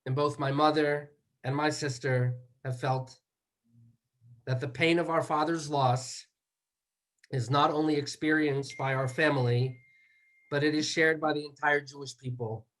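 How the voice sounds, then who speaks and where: Man giving measured memorial remarks. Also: a little high, steady tone. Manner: measured, with slow deliberate lists. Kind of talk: eulogy remarks.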